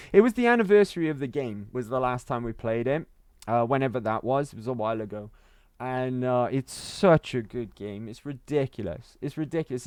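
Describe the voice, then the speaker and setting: Guy rambling to his stream chat, voice jumps all over, smooth and clear, repeats stuff. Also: mid-range voice, a little mellow, no echo, clean studio sound. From Wales. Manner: chatty and rambling, repeats himself, chuckles often. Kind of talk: casual livestream chat to viewers.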